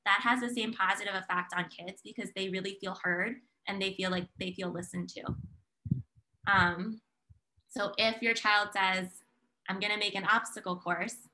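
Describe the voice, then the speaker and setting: A woman presenting a parenting webinar over a video call, slowing down to model example phrases for parents. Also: mid-range voice, fairly even intonation, low-quality recording. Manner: warm coaching tone, models example phrases slowly. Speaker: child psychologist presenter.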